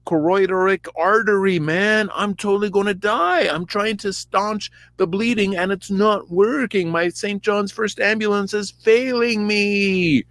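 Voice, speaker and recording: A dying king, put on by a man who talks like a foul-mouthed surfer dude, whiny and profane. His voice sits well above the narrator's own, in a raised, comic pitch. It comes from a comedy retelling. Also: measured pace, hardly any pauses, fairly bright tone, no echo. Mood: panicked. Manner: profane slacker slang, whiny.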